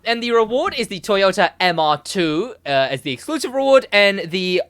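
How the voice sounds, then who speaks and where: A young man co-hosting a casual podcast, rambling and animated, laughing often. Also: high-pitched, moderate pace. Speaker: podcast co-host, gaming segment host.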